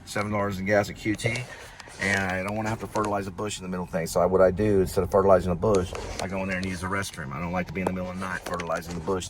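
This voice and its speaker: A man's voice: sits low, little pitch movement, racing. A man chatting casually and rambling while driving, joking and repeating phrases. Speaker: vlogger, delivery driver. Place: inside a vehicle while driving. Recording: loud vehicle road noise.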